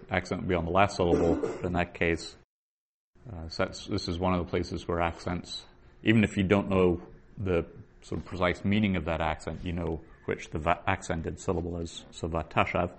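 A man teaching a Biblical Hebrew class, reading verses aloud slowly and then patiently explaining the grammar. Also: deep voice. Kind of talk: slow explanatory lesson.

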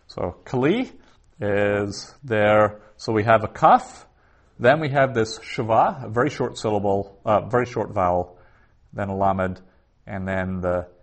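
Lower-voiced man giving a language lesson. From the West. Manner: explanatory, thinking aloud with frequent restarts. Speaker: teacher. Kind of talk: lecture on Biblical Hebrew.

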